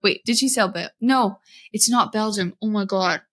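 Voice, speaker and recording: A woman's voice: medium pitch, normal speed, a bit bright. An American woman hosting a trade podcast in casual chat, chatty and laughing often, sometimes losing her thread mid-story. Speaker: podcast host.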